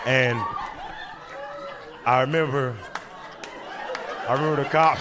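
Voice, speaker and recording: Animated stand-up comedian, man. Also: medium pitch, a little fast, a crowd in the background, background noise. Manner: animated, laughs at his own jokes. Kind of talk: stand-up storytelling.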